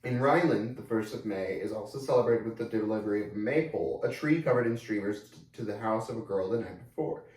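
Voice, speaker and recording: A man's voice: fairly low pitch, fast talker, hardly any pauses, darkish tone, recorded from a distance. Man reading aloud in an echoey room. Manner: reads facts aloud, then adds offhand crude asides. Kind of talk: casual reading aloud with commentary. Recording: echoey room, away from the mic.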